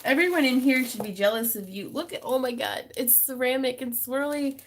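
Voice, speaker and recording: A woman hosting a craft livestream from her home craft room, excitable and quick to gasp and laugh as she talks into a phone. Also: high-pitched, a little hiss or hum. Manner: excitable, gasping and laughing over gifts. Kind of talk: casual live stream chat.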